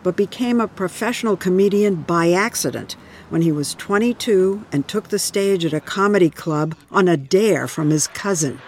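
A man narrating a news profile in a measured, scripted style. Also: high-pitched, slight background noise.

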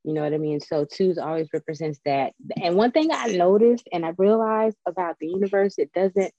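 A woman talks through spiritual ideas in a loose, chatty way, drifting from one story into the next. Her voice sits lowish and mellow. The sound is close and dry, a little dull and lo-fi. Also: a little fast, dry recording. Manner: chatty, digressive, animated storytelling. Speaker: spiritual guest. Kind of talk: casual spiritual chat.

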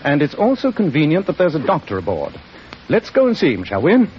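A shrewd, unflappable detective in an old radio play, with a fairly high, lively voice that rises and falls as he lays out his reasoning. His talk is crisp and dryly ironic. The broadcast sounds muffled and carries a faint hiss. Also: fairly quick. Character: shrewd, cool-headed male detective. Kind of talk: 1940s radio acting.

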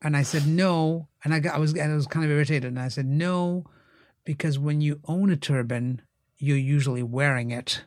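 A man's voice: moderate pace, no room sound, studio quality. A man, an actor and TV writer, telling stories as a guest in a casual interview, acting out the voices of other people. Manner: animated, acts out quoted voices with big jumps in pitch.

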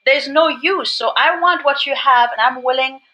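A woman's voice: high-pitched, normal speed, poor audio. A middle-aged woman from Germany, a native German speaker, telling her recovery story as a podcast guest with great enthusiasm. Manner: enthusiastic and animated, rocking and gesturing.

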